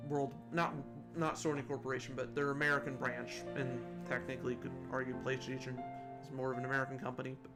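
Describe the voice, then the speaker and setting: Speaking with a creaky, mid-range voice, another gaming commentary host keeps things casual and rambling. He keeps restarting, tosses in asides, and laughs at his own jokes.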